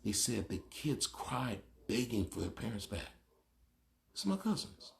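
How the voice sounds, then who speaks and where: A man's voice: on the low side, very animated, measured pace, vocal fry. A man talking straight to the camera in a casual, opinionated monologue, telling stories animatedly. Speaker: vlogger.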